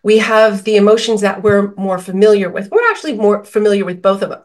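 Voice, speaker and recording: A woman's voice: medium pitch, a little fast. A woman guest on a podcast interview, explaining feelings with everyday examples and quoted dialogue. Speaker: author and guest.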